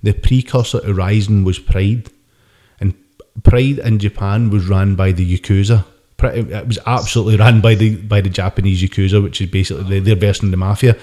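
A man, co-hosting a casual sports podcast chat, talking in an animated way and swearing casually. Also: lowish voice, fairly quick. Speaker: podcast host.

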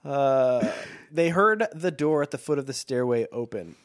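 A man's voice: medium pitch, expressive, moderate pace, dry recording. A man co-hosting a casual podcast, reading passages from a book and adding dry, wordy asides. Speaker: podcast co-host.

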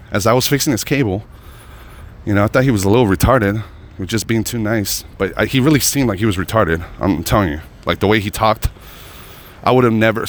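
Profane man telling stories, low voice. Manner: profane, rambling, emphatic. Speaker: comedian. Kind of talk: casual storytelling to camera.

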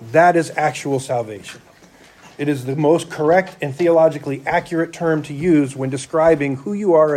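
Male church elder preaching, chatty and full of rhetorical questions, fairly high voice. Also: darkish tone. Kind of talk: sermon.

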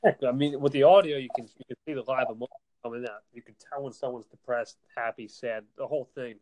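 A man's voice: mid-range voice, quick pace, darkish tone, slight background noise. A young adult man co-hosting a casual chat, upbeat and eager. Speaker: podcast co-host.

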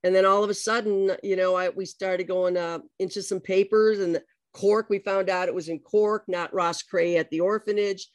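A middle-aged woman telling her own story in conversation, lively and animated, acting out the quotes. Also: on the low side, no room sound.

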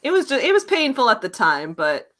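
Young woman, podcast co-host; bright, chatty, loose and filler-heavy. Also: fairly high pitch, huge pitch swings, a little fast. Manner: chatty, laughs often, many fillers. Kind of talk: casual chat.

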